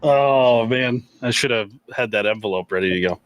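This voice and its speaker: A man's voice: medium pitch, normal speed, clear, resonant tone, no echo. A man hosting a gun shop livestream, reading viewer questions in a laid-back, chuckling way with lots of fillers.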